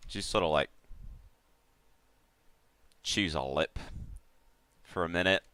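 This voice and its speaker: Deep, bright-toned man as game master. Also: slow, clean tone, no echo. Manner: loose, descriptive narration with many fillers. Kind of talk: narrating a tabletop game.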